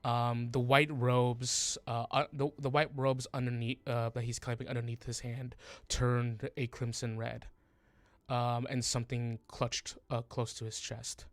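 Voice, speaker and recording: A man's voice: medium pitch, flat delivery, measured pace, no room sound. A man narrating a tabletop game as game master, hesitant, with many fillers and restarts.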